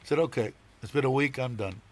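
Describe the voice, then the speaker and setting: A man's voice: medium pitch, fast. A man hosting a live stream, chatting casually and rambling, swearing now and then and chuckling often. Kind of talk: casual chat.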